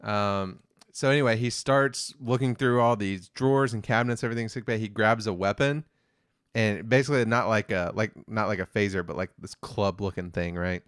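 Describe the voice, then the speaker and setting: A man's voice: on the low side, a little fast, clean tone, dry recording, studio quality. A man co-hosting a review podcast, casually retelling an episode's plot in a rambling way with lots of fillers. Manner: rambling, many fillers, quotes characters flatly.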